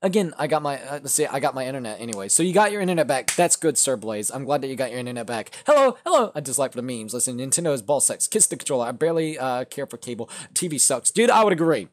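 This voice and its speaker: Excitable young man chatting on a livestream. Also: mid-range voice, quick pace, hardly any pauses. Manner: excitable, swings from mumbling to loud shouting. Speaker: livestream host. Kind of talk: casual live-stream chat, reading chat aloud.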